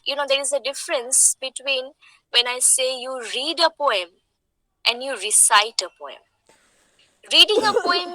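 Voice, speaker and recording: Slow, bright-voiced Indian English teacher. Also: female voice, sits high, dry recording, rough recording. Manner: explains slowly, repeats points, asks the class questions. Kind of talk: online lecture.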